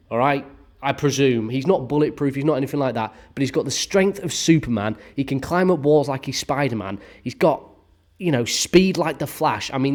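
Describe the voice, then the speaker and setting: A man's voice: mid-range voice, a little mellow. A young man giving a casual, exasperated film review full of swearing and sarcasm.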